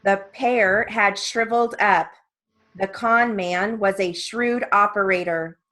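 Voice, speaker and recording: A woman reading word lists and sentences as dictation practice, evenly and deliberately, with short spoken asides. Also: medium pitch, steady tone, pushed and bright, poor audio. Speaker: dictation reader for steno practice.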